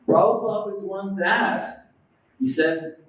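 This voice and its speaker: An American preacher gives a devotional lecture in a temple hall, telling stories, acting out quoted voices, and questioning his listeners. His voice is high, slow, and a bit bright, caught by a distant mic in a very echoey hall.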